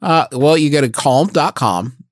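Animated man hosting a comedy podcast. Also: fairly high pitch, a little slow, no echo, clean studio sound. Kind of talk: comedic banter and ad reads.

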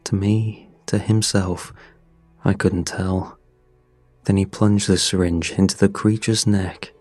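A man narrating a scripted horror story in a measured, somber way. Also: low-pitched, level tone, darkish tone, no echo, soft background music.

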